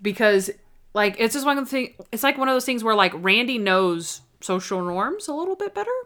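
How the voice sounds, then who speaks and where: A woman's voice: fairly high pitch, lively intonation, fairly quick, sharp tone. A young woman co-hosting a casual chat, talking enthusiastically and acting out scenes. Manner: chatty, enthusiastic, acts out scenes in quotes. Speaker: podcast co-host reviewing a TV episode.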